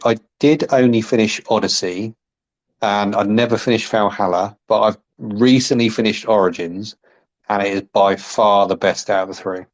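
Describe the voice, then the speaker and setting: A man's voice: lowish voice, steady tone, moderate pace. A man hosting a casual interview, chatty and teasing. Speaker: podcast host interviewer.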